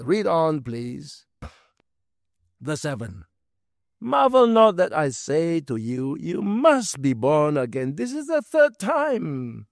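A man's voice: on the high side, big pitch swings, slow pace, creaky, dry recording, studio quality. A man preaching a sermon through a Bible passage, emphatic and full of rhetorical questions.

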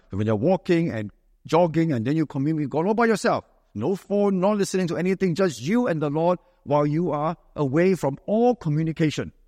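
A man preaching a sermon, talking conversationally and often checking in with the congregation with a quick "right?". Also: on the high side, darkish tone, dry recording, studio quality, long reverb tail.

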